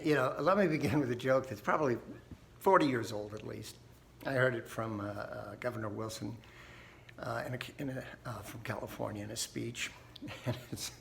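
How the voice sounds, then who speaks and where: A man's voice: mid-range voice, gravelly, slight background noise. A man hosting a think tank video, talking casually and folksily, often laughing and tagging "right?" onto his points. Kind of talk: casual talk to camera.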